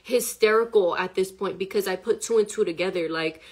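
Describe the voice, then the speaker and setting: A woman recounts a personal story straight to camera, sounding shaken and upset. Her speech rambles, packed with "like" and frequent swearing, and her pitch sits in a middling range. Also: fairly quick, husky. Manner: rambling, heavy use of "like" and profanity, agitated.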